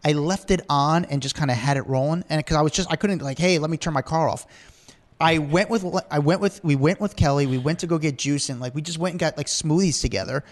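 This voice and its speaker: A man telling rambling stories as a podcast guest, his voice sitting a bit high. He talks very fast and fills his sentences with loose fillers in an easygoing, chatty way. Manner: rapid, rambling, full of "like" fillers. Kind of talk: animated storytelling in casual chat.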